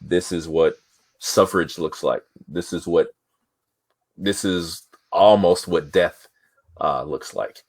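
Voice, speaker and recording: A man voicing a stern male military commander who speaks slowly and solemnly, with many pauses. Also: sits low, no echo, heavily acted. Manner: slow, solemn, hesitant speech.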